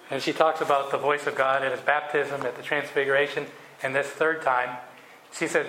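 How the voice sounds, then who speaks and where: A man's voice: on the high side, a bit bright. A man leading a Bible study, reading scripture aloud and then explaining it casually with fillers. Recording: echoey room with faint noise.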